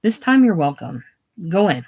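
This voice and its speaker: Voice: medium pitch, very animated, normal speed, creaky, warm tone, breathy edge, exaggerated voice. A reader doing a touchy, prideful man. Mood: defensive. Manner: defensive, snappish. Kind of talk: casual solo play reading.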